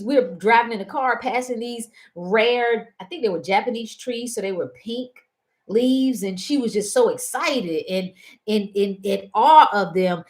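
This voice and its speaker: A woman hosting a casual talk show, animated and prone to laughing and wandering into stories. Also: on the high side, a little slow. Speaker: host. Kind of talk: casual chat.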